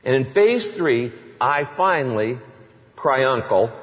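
A male pastor preaching a sermon, animated, acting out passionate prayers to his congregation. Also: medium pitch, takes it slowly, long reverb tail.

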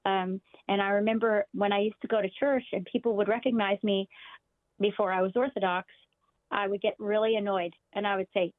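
A woman's voice: medium pitch, a little fast, no room sound. A woman guest telling a story animatedly, laughing often as she recounts it. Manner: animated, laughing, excited retelling. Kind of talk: casual storytelling chat. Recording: tinny phone-like call audio.

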